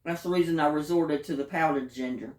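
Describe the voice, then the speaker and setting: A woman's voice: low-pitched, a little fast, darkish tone, no echo. A woman chatting casually in a home cooking and gardening vlog, savoring her food with little murmurs.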